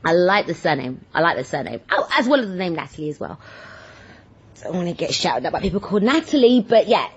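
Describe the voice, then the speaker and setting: A woman vlogger telling everyday stories in a rambling, animated, self-deprecating chat. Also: lowish voice, fast, slightly rough. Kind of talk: casual chatty monologue. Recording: dull lo-fi sound.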